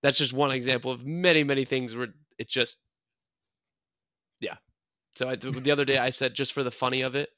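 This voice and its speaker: A man's voice: mid-range voice, a little fast, pauses often, dry recording. A man in his early twenties co-hosting a podcast, chatting casually and telling jokey stories. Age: young adult. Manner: joking, self-mocking, animated storytelling. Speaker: podcast co-host. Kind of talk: casual chat.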